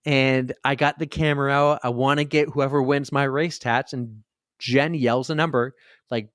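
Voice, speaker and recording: Man, podcast co-host, mid-pitched voice, dry close sound, animated storyteller. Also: moderate pace, no room sound. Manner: lively storyteller, acts out quotes with big jumps in pitch. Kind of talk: casual chat.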